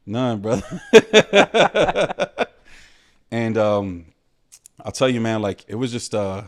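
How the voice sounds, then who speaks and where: A man from New City, telling stories as a guest in a casual podcast chat, animated and full of street slang. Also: lowish voice, takes it slowly. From New York City.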